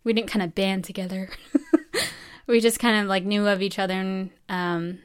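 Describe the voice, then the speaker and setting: A young woman from New Mexico talks through her time in medical school in a loose, rambling way. Her voice is smooth and clear, sitting in a middle pitch, and she laughs often and slips into the voices of people she quotes. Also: little pitch movement, moderate pace. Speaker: medical student interviewee. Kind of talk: casual personal storytelling.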